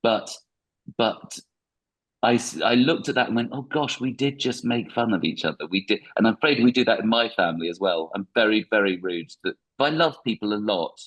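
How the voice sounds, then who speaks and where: A man's voice: fairly low pitch, a little fast, a bit bright, low-quality recording. A middle-aged man, a comedian guest, chatting casually on a podcast, self-mocking with lots of restarts. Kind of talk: casual interview chat.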